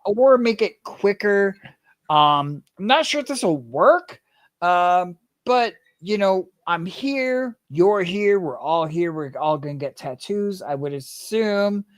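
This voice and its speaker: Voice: medium pitch, expressive, takes it slowly, dry recording. Player chatting in a tabletop game, kinda rambly, dry mic. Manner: casual, rambling.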